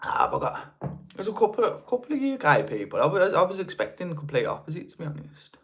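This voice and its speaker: A man's voice: fairly high pitch, wildly swooping pitch, fast, a bit bright. Chatty Brummie man hosting a livestream. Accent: Birmingham (Brummie). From Birmingham, England. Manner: chatty, rambling, with many restarts. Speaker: livestream host. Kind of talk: casual live chat reading viewer comments.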